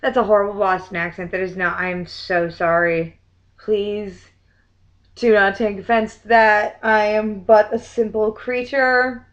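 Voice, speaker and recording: A woman's voice: mid-range voice, steady tone, a little slow, vocal fry, muffled recording. A young woman vlogger in a casual chat, reading limericks aloud in a theatrical sing-song way and dropping to muttered asides between them.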